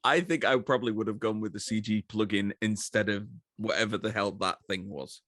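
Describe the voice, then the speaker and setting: A man with a somewhat low voice riffing on a cheap action movie for a podcast. He pauses on fillers and puts on quick voices for quoted lines. The sound is dry and close. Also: fairly bright tone, no room sound. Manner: hesitant fillers, jokey, acts out quotes. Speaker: podcast co-host. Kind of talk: casual comedic movie chat.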